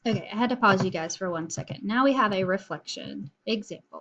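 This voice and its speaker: A woman's voice: medium pitch, fairly quick, fairly bright tone. A woman teacher recording a video lesson, explaining in a casual way with frequent fillers.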